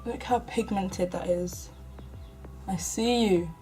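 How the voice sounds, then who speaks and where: A young British beauty vlogger with a mid-range, mellow voice speaks slowly as she chats through a makeup tutorial. She teases herself and often half-mutters to herself, with faint music behind her on a rough recording.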